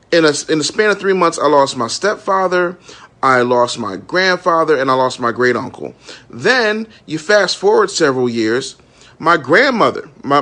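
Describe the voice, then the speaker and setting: His voice high, bright and tense, this man in his thirties, a minister and entrepreneur, speaks rawly and emotionally in a live-stream monologue. He curses without restraint and repeatedly asks "you know what I'm saying" to make sure listeners are with him.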